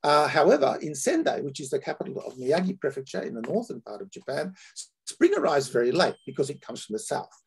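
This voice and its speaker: Australian guy lecturing, gravelly and a bit husky, lots of ums. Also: fairly high pitch, very animated. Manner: halting, many fillers and restarts. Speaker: academic lecturer. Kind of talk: academic lecture.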